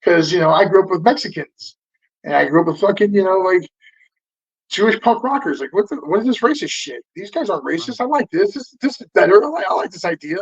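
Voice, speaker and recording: A man's voice: sits high, lively intonation, fast, breathy edge. A man in his fifties from Southern California, a podcast guest telling stories in a loose, rambling way, swearing often and stopping and restarting with lots of fillers. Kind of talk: casual storytelling interview. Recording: dull lo-fi audio.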